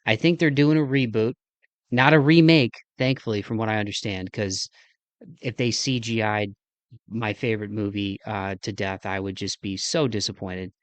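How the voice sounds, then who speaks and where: A Midwestern man wraps up his podcast in a loose, rambling, enthusiastic solo chat, poking fun at himself as he goes. His voice sits fairly low. The recording is dry and close. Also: steady tone, normal speed, dry recording. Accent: Midwestern American. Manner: rambling, enthusiastic, self-deprecating. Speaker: podcast host. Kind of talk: casual solo podcast outro.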